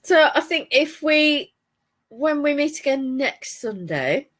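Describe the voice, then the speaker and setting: A woman's voice: sits high, very animated, slow pace, a bit bright. A woman from northern England, co-hosting a crafting podcast in casual, rambling chat full of restarts. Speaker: podcast co-host.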